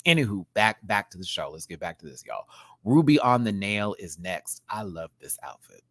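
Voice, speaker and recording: A man in his thirties chatting casually as a reviewer, spinning stories from school and the stage. He swears freely and breaks into laughter, his voice jumping between low asides and high yelps. The sound is dry and close. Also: moderate pace, no room sound. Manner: animated storytelling, swears freely, bursts into laughter and squeals. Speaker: drag show reviewer. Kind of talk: casual reaction chat.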